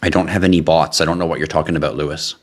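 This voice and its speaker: A man with a very low voice hosts a casual live stream from a home studio. He talks straight to his viewers in a lively, chatty way. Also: rapid-fire. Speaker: livestream host.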